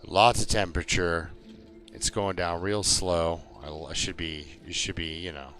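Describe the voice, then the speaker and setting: A man's voice: deep voice, steady tone, a bit bright, faint music behind. A man streaming a survival game, chatting and telling stories at a rambling pace with lots of fillers. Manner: slow, rambling storytelling with many fillers. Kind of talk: relaxed gameplay commentary.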